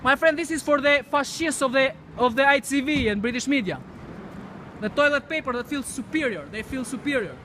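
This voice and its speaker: Guy ranting outside at a protest, very high voice, repeats lines like chants. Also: lively intonation, a little fast, poor audio. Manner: repetitive, chanting call-and-response rants. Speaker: street protester. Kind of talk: outdoor protest speech. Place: outdoors in front of a TV building. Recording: loud wind noise on the mic.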